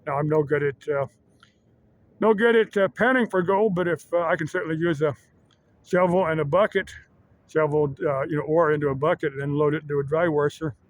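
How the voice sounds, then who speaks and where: A man vlogging in a casual, rambling monologue that halts often on filler pauses. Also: a little high, highs cut off. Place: Arizona.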